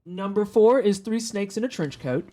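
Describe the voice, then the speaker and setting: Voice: medium pitch, expressive, normal speed, dark tone. Profane, joking game streamer. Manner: profane, joking, talks to chat. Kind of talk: casual livestream chat while gaming.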